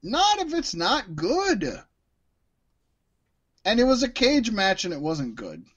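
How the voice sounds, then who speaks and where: Dude on a wrestling podcast, kinda high voice, talks slow, blunt and swears. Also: male voice, huge pitch swings, fairly bright tone, husky. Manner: opinionated, swears, restarts sentences. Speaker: podcast co-host. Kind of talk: casual chat.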